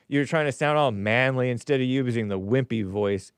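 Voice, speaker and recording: A man's voice: medium pitch, brisk, few pauses, clear, resonant tone, no room sound. A man hosting a casual livestream, reading viewer comments aloud and giving opinionated asides with frequent chuckles. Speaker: show host.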